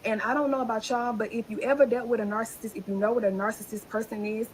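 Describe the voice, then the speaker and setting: A woman's voice: fairly high pitch, steady tone, fast talker, low-quality recording. Woman, angry livestream rant, profane, repetitive, faint noise behind. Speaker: person in a played clip.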